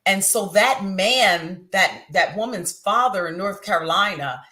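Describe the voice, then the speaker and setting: A woman hosting an interview, reflecting on a guest's story with faith-based commentary and speaking in a measured way, restarting phrases as she frames her point. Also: medium pitch, expressive, bright, forceful tone. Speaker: interview host.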